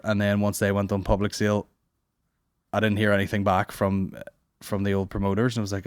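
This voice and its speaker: A man's voice: on the low side, monotone, fast, clean tone, no room sound, clean studio sound. A young man hosting a comedy podcast, rambling and swearing in a casual monologue. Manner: rambling, profane, puts on silly voices.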